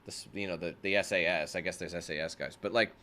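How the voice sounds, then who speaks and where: A man's voice: low voice, steady tone, quick pace, bright, forceful tone, a little hiss or hum. A young man hosting casual gameplay commentary, rambling and chatty with lots of fillers. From Canada. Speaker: gaming channel host.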